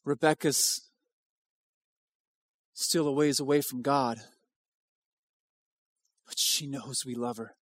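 A man's voice: mid-range voice, steady tone, slow, long pauses, no room sound. A male pastor preaching an impassioned sermon at a church service, driving home repeated rhetorical questions.

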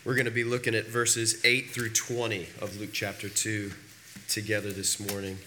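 Pastor with a cold, deep and bright. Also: male voice, completely flat delivery, normal speed, slight background noise. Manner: casual and conversational, with frequent fillers and repeated words. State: recovering from a cold, voice lower than usual. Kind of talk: sermon. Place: church sanctuary.

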